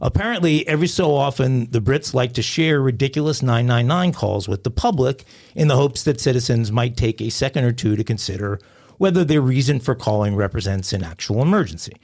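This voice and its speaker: Wry man with a lively, expressive voice. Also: medium pitch, brisk. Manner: wry storytelling, joking. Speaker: podcast co-host. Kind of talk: casual crime-news podcast chat.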